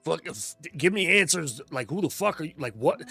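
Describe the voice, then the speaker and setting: A gravelly, bright male voice with a sharp edge. He speaks brashly and swears freely while playing a tabletop role-play game. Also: on the high side, animated, normal speed, no room sound, soft background music. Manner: brash, profane. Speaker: player.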